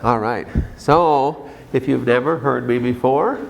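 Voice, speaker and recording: A man's voice: mid-range voice, measured pace, gravelly, a little hiss or hum, poor audio. A man with a Minnesotan accent, a doctor giving a conference presentation to a live audience, chatty and self-deprecating with many fillers.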